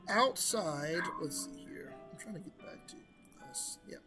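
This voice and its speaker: A man's voice: fairly high pitch, lively intonation, a little slow, music in the background. A man narrating as game master of a tabletop game, rambling and correcting himself as he goes.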